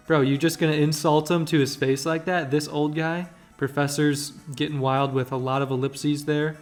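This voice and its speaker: Man, let's-play commentary, joking and rambling, slightly high voice, faint game music behind. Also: flat delivery, moderate pace, hardly any pauses. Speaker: gaming channel host.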